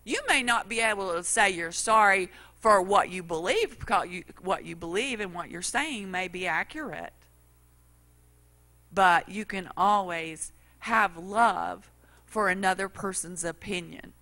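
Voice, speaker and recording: Middle-aged woman preacher, bright voice, folksy storyteller. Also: medium pitch, measured pace. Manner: folksy storytelling, acts out quotes. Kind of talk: sermon.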